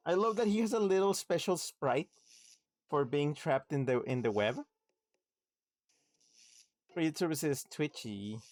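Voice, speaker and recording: A man's voice: on the high side, no room sound. A man streaming a video game, chatting casually, reading viewer messages aloud, laughing and humming along. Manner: laughs, hums, reads chat messages aloud. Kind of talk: casual livestream gaming commentary.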